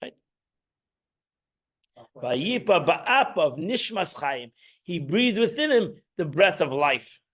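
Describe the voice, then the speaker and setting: A man's voice: high voice, sing-song, a little slow, a bit bright. A man, teaching an informal Torah class in a rambling, emphatic way, restarting and repeating himself.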